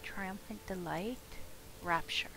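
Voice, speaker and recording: A young woman streaming a game, excitable and profane, swinging from shouts to hushed asides. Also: medium pitch, slow pace, gravelly, background noise. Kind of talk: live game stream commentary.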